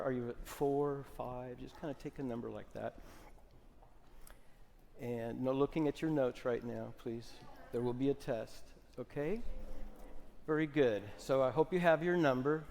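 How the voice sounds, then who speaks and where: Man guiding a hall, soft-spoken. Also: a little high, vocal fry. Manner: soft coaxing instructions, rising to loud cheering. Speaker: conference speaker. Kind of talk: guided relaxation and lecture. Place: large conference hall. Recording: long hall reverb.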